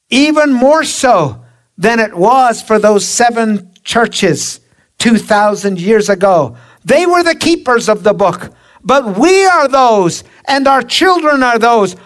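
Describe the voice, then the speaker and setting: A woman preaching a sermon, slow and emphatic, drawing out her phrases. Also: fairly high pitch.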